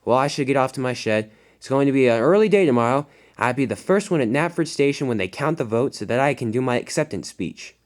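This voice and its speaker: A man voicing an eager, boastful young male tank engine, talking in a halting way full of filler words. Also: medium pitch, expressive, lightly acted.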